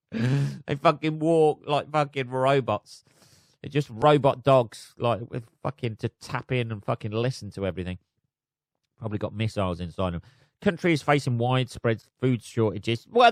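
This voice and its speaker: A man's voice: medium pitch, very animated, normal speed, no room sound, studio quality. A man hosting a solo podcast, reading news aloud and riffing on it in a sweary, sardonic way. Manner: sweary, sardonic, laughs at his own jokes. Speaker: podcast host.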